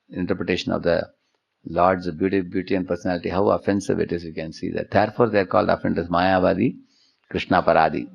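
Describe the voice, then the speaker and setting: A man's voice: low voice, gravelly. A man giving a devotional lecture as a spiritual teacher. He tells stories and keeps checking in with the listeners through tag questions. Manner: storytelling, with frequent tag questions. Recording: dull lo-fi sound.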